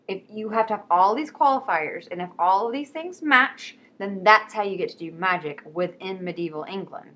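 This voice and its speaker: Excited, fast-talking woman book vlogger. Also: mid-range voice. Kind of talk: casual chat.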